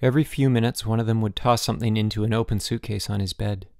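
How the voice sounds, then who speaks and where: A man narrating a children's novel as an audiobook in an expressive storytelling manner. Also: fairly low pitch, fast talker, gravelly, dry recording, studio quality. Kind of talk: scripted narration.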